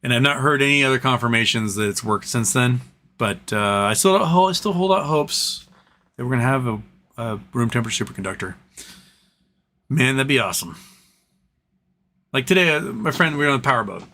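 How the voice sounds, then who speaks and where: A man hosting a casual live stream, rambling with lots of fillers and a tired, throat-clearing voice, in a room at home. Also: mid-range voice, brisk, long pauses, sharp tone, slight background noise. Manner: rambling, trails off, many fillers. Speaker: livestream host. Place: home room with a fan running.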